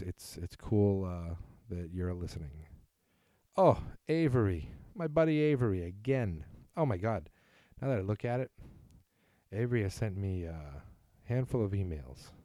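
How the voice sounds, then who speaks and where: Deep and warm, the voice of a New England podcast host comes through clean studio sound without echo. On his casual solo show he reads listener emails aloud and rambles, adding self-deprecating asides.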